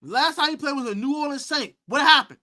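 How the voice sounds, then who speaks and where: A man hosting a football preview, trash-talking rival fans in a boastful, animated way and repeating his taunts. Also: very high-pitched, brisk. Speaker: sports podcast host.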